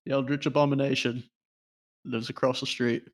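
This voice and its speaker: A man co-hosting a podcast, dropping dry, offhand jokes in a relaxed way. His voice has a gravelly, creaky edge. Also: mid-range voice, normal speed. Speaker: podcast co-host. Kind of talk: casual chat.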